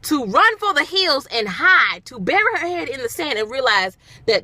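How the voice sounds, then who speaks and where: Animated, dramatic young woman vlogger. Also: high voice, normal speed, no room sound. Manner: animated, dramatic storytelling with emphatic repetition. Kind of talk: casual storytelling vlog.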